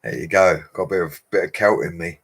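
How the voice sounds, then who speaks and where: Deep-voiced chatty man. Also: animated, fast, vocal fry, slightly rough. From England. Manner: chatty, laughs often, talks to viewers as mates. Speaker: bricklayer livestreamer. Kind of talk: casual livestream chat reading comments.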